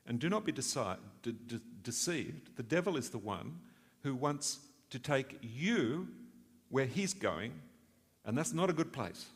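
A man's voice: medium pitch, expressive, a little slow, husky. Earnest preacher man in a reverberant hall. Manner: earnest, asks rhetorical questions, swells for emphasis. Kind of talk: sermon.

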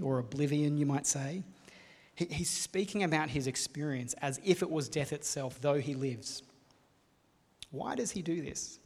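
A man preaching a sermon to a gathered room, speaking in an earnest, measured way and pausing for rhetorical questions. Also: on the high side. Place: hall with a live audience. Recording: long reverb of a large hall.

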